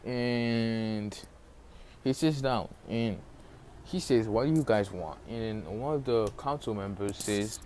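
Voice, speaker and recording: A man's voice: on the low side, slow, a little mellow, a little hiss or hum. A man casually retelling a fan story with a sore throat, rambling and losing track of names along the way. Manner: rambling, loses track of names, many fillers.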